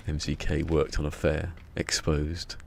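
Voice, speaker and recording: A man's voice: very deep voice, flat delivery, slow pace, creaky, noisy background. A man chatting casually on a live game stream, joking and rambling with frequent laughter.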